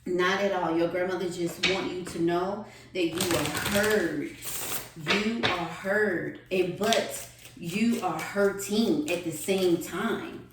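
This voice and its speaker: A woman giving a spiritual tarot reading, with a slow, repetitive, earnest delivery. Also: lowish voice, background noise. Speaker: tarot reader. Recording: echoey room, distant mic.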